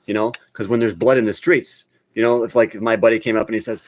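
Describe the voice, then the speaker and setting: A man's voice: fairly low pitch, fairly even intonation, quick pace, hardly any pauses, dry recording. A man hosting a live crypto talk stream, talking casually and bluntly, getting worked up and scolding his viewers. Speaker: crypto channel host.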